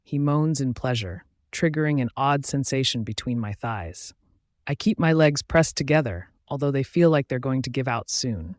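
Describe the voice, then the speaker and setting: A man narrating a first-person fantasy romance audiobook in a steady storytelling voice. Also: medium pitch, moderate pace, dry recording, clean studio sound.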